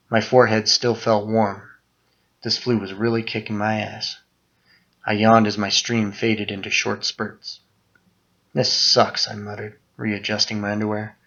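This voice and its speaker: A man reading his own first-person horror story aloud, muttering through the narration and breaking into loud outbursts on the quoted lines. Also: on the low side, dull audio.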